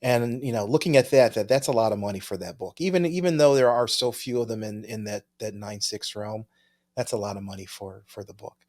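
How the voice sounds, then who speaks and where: A man's voice: fairly low pitch, a little fast, a little mellow. A man co-hosting a podcast in casual chat, easygoing, thinking aloud and chuckling often as he reads viewer mail. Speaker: podcast co-host.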